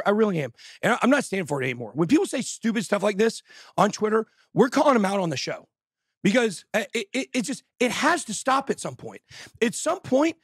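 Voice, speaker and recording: A man hosting a live show, ranting loudly and exasperated, often shouting. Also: high voice, breathy edge, no room sound, clean studio sound. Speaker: show host. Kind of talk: heated rant on a live show.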